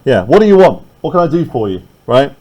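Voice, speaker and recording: Male teacher, classroom lesson, animated pitch, chatty check-ins. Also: brisk, poor audio. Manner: conversational, keeps checking with "right?".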